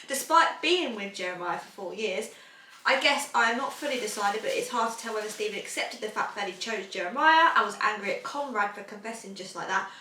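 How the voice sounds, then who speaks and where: Recorded from a distance in an echoey room with faint hiss or hum, this chatty podcast host in her twenties rambles through casual talk and laughs often. Her mid-range voice comes across bright and forceful.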